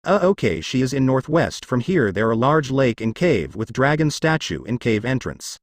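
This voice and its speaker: This is an eager young male devil trainee offering creatures to newcomers in a storybook reading. A man reads his part in his own voice. The pitch moves a lot, on a dry, close mic. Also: big pitch swings, moderate pace, no echo.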